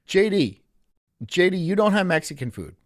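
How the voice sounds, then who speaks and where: A man's voice: sits high, big pitch swings, moderate pace, no room sound, studio quality. A man live streaming, rambling crudely with frequent swearing and laughter. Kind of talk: casual live-stream chat.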